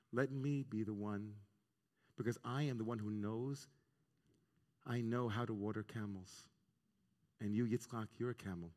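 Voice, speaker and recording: A man voicing a wise, tender biblical woman who gently and pleadingly offers support. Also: fairly low pitch, close to an everyday voice. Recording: long reverb of a large hall.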